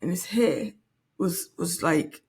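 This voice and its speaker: A woman's voice: lowish voice, expressive, slow pace, a little mellow, breathy edge. A woman in her late forties, hosting a podcast and telling a personal story in a candid, reflective way that halts and restarts often. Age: late 40s. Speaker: podcast host.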